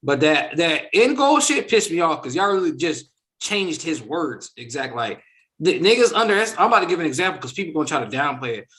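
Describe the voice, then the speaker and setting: A man's voice: fairly high pitch, brisk. A man hosting a casual reaction discussion, talking emphatically and acting out quotes. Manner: animated, emphatic, acts out quotes. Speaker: host.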